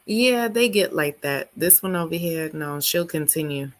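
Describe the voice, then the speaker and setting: A woman hosting a book club livestream, her voice hoarse and not fully recovered, talking in an animated, slangy way. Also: low voice, normal speed. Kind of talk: casual livestream chat.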